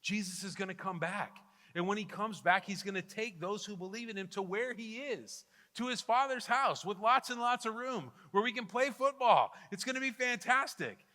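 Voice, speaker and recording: A middle-aged man preaching a sermon as pastor, swinging between loud fervent appeals and hushed intimate pleas. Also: sits high, lively intonation, normal speed. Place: church sanctuary. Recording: long hall reverb with soft guitar underneath.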